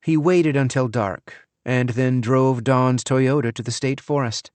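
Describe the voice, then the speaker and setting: A man giving measured first-person narration of an audiobook. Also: mid-range voice, smooth, no echo. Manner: measured, even storytelling.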